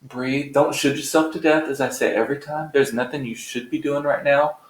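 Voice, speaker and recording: A middle-aged man hosts a live stream, chatting casually and rambling to his viewers with playful swearing. He has a medium-pitched, steady voice at a moderate pace, and the recording has a roomy echo.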